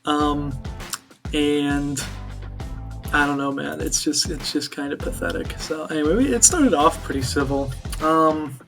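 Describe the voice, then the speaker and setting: A man's voice: fairly high pitch, measured pace, vocal fry, a bit bright, soft background music. A man vlogging in a rambling, filler-heavy, dismissive way as he recounts an online chat.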